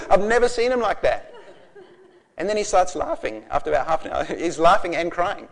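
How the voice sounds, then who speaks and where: A man's voice: a little high, moderate pace, creaky. Passionate man in his forties preaching. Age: 40s. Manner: passionate, animated storytelling with laughter. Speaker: pastor. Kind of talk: sermon.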